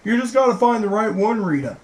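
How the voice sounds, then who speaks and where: A woman's voice: medium pitch, animated, fairly quick, darkish tone, rough recording. A woman vlogger rambling through personal stories, acting out what other people said. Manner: rambling, acts out quoted people. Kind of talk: rambling personal storytelling to camera.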